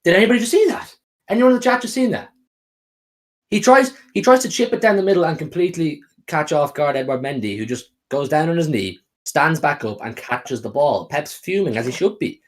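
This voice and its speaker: Male watch-along host, slightly high voice, fast, excitable, reads the chat. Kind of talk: live football watch-along commentary.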